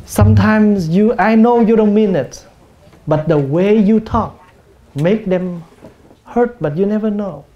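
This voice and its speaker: A man with a Vietnamese accent, a Buddhist monk giving a gentle, humorous dharma talk in a meditation hall. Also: sits high, measured pace, lo-fi sound. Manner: gentle, humorous, acts out everyday speech. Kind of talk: sermon.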